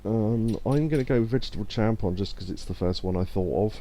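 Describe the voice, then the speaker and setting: Fairly quick and mellow, this man's lowish voice carries a casual let's play stream. He reads out messages from chat, keeps up a chatty flow, and pokes fun at himself.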